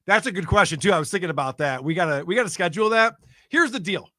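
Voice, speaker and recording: A man co-hosting a podcast in casual chat, laughing often through lively banter. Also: high voice, fast, dry recording. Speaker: podcast co-host.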